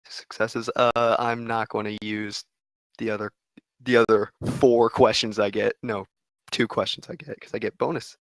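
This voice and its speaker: A man with a lowish voice lays out his tabletop moves plainly, reading off rules and questions without fuss. The sound is dry and close to the mic. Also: flat delivery, normal speed, dry recording, low-quality recording. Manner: matter-of-fact. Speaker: player. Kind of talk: casual tabletop play.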